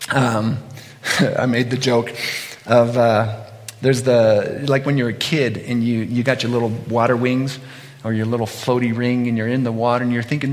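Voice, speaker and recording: A middle-aged man giving a conversational sermon, telling animated stories and acting out quotes. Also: medium pitch, moderate pace. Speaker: pastor. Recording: long hall reverb.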